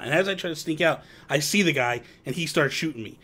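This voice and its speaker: A man hosting a casual live chat show, telling animated gaming stories and acting out quotes. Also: mid-range voice, brisk. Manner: animated storyteller, acts out quotes. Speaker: host.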